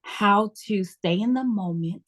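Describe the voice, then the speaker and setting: A woman talking casually as a guest in an interview, acting out her own inner dialogue as she tells stories. Her manner is lively and expressive. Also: mid-range voice, unhurried.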